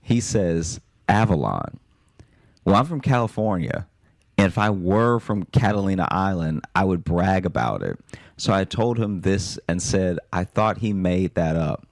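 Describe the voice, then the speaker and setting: A man with a very low, deep voice reads a listener's story aloud on a comedy podcast. His delivery is dry and wry, and the sound is close and dry, with no room around it. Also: lively intonation, normal speed, no room sound.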